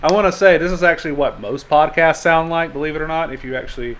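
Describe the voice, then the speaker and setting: A man's voice: fairly high pitch, fast talker, slight background noise. A man hosting a podcast, telling stories in casual chat, joking and laughing often. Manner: storytelling, jokey, laughs often. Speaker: podcast host.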